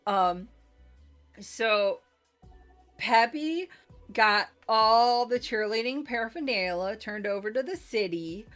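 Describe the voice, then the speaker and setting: A woman's voice: a little high, lively intonation, unhurried, a bit bright, soft background music. A woman game master giving a chatty recap of a tabletop game session, full of "like" and "um", gushing over what happened. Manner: chatty, filler-heavy with frequent "like" and "um".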